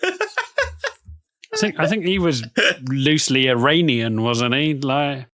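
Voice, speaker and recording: A man's voice: a little high, big pitch swings, takes it slowly, a bit bright. A man hosting a tabletop game podcast, joking and teasing his co-hosts. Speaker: podcast host. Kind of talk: casual chat.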